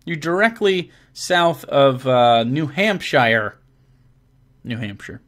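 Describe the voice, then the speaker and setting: A man hosting a casual question-and-answer stream about tabletop games, speaking as a dungeon master. His voice sits at a middling pitch for a man. He rambles, swears freely and trails off into fillers before picking up again. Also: lively intonation, slow pace, a bit bright. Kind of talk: casual livestream Q&A.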